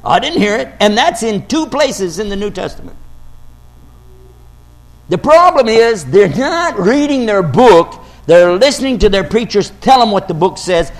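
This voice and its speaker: High-voiced man preaching with dramatic quotes. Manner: argumentative, quotes scripture dramatically, rises to shouts. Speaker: Islamic preacher. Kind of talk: religious talk to an audience.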